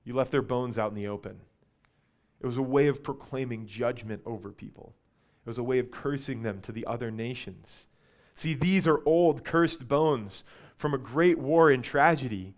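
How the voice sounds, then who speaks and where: A man preaching a sermon, reading scripture dramatically and swinging between loud passages and hushed ones. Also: medium pitch, normal speed.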